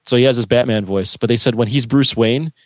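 A man's voice: mid-range voice, fairly quick, no room sound. A man co-hosting a casual podcast chat, talkative and joking, often repeating himself. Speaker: podcast co-host.

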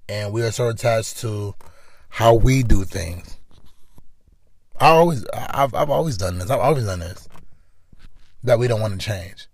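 Gravelly man giving earnest life advice. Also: on the low side, animated, normal speed, pauses often, no echo. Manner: earnest, repetitive, conversational. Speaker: podcast host. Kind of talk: motivational monologue.

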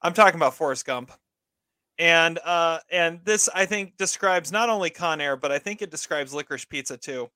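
A man's voice: a little high, normal speed, pushed and bright, clean tone, no echo, clean studio sound. A man hosting a casual movie podcast in an easygoing manner, laughing often. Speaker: podcast host.

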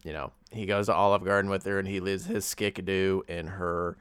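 A man talks through a film in a relaxed podcast chat, animated as he retells scenes. His voice is smooth and resonant, close and dry with no room sound. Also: deep voice, brisk, no echo. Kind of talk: casual movie review chat.

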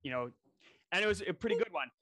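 A young man chatting casually as a podcast co-host, telling stories with lively voice impressions. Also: fast, no echo, studio quality. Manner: animated storyteller, mimics voices with big pitch jumps. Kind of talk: casual chat.

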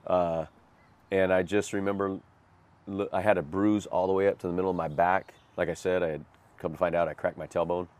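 A man's voice: sits low, little pitch movement, a little fast, a little mellow. A man recounting a hard chapter of his life as a personal testimony, earnest and self-deprecating. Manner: earnest, self-deprecating, vivid retelling with rueful laughs. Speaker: guest sharing his life story.

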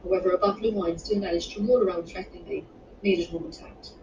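A woman reading her own romance novel aloud in a measured, unhurried way, with the odd small restart. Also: fairly low pitch, steady tone, creaky, a little mellow. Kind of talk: audiobook narration. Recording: roomy, distant, muffled home recording with background noise.

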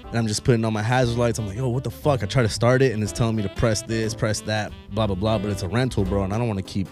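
A man's voice: lowish voice, fairly even intonation, racing, a little mellow, faint music behind. A young man co-hosting a casual podcast, telling a long story in laid-back, profane slang. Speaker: podcast co-host. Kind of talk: casual chat.

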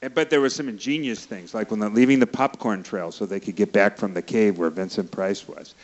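A man's voice: on the low side, a little fast. A man co-hosting a casual podcast about old TV, easygoing and laughing along. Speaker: podcast co-host. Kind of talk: casual retro TV chat. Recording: dull lo-fi sound.

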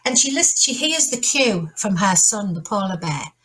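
A woman's voice: medium pitch, sing-song, normal speed, fairly bright tone, slight background noise. A middle-aged woman hosting a podcast, chatty and rambling with asides and restarts. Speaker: podcast host. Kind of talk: casual chat.

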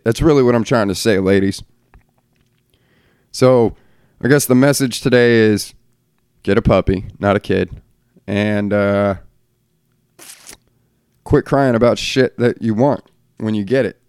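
A man's voice: medium pitch, a little mellow, clear, resonant tone, no room sound, clean studio sound. A middle-aged man hosting a solo podcast from a room at home, talking bluntly and ranting with plenty of swearing. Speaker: podcast host. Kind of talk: casual solo podcast rant.

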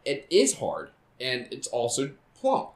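A man's voice: medium pitch, huge pitch swings, takes it slowly. A young man co-hosting a podcast, teasing his friend with crude jokes and frequent swearing. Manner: teasing, swearing, laughs often. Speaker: podcast co-host. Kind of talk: crude casual podcast banter. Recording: echoey room.

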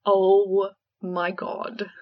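Boggart Fred, loud and scornful, as a woman reads him. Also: medium pitch, flat delivery, extremely slow, muffled recording. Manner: bitter, scornful, loud and taunting. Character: shape-shifting creature as a dead young man, raging and mocking.

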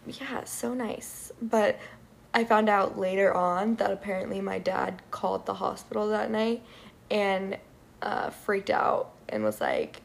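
A woman's voice: medium pitch, expressive, measured pace, creaky. A young woman telling a frustrated, profane storytime rant to her viewers, full of "like" and swearing. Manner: frustrated, profane, filler-heavy with many "like"s. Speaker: vlogger.

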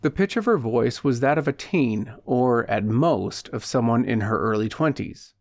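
A male audiobook narrator with a mid-range voice, reading a dark short story in a steady, even way. The recording is dry and close, with no room sound. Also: mid-range voice, moderate pace, no echo. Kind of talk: scripted narration.

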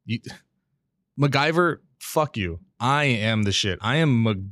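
A man's voice: mid-range voice, animated, takes it slowly, fairly bright tone, dry recording. A man hosting a casual solo podcast, talking in a candid, rambling way with frequent restarts and casual swearing, close to a mic with a pop filter. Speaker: podcast host. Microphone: studio mic with pop filter.

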